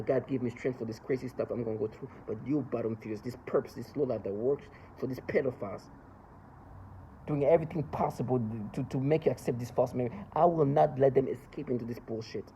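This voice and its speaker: A man's voice: medium pitch, mellow, lo-fi sound, a little hiss or hum. A man in an agitated, accusatory, emotional rant, speaking as a monologue. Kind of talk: angry ranting monologue.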